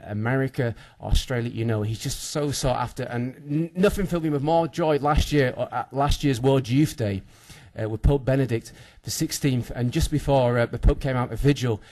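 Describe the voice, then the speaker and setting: A man's voice: medium pitch, darkish tone. A man emceeing a conference, introducing the next speaker enthusiastically, with many fillers and stumbles.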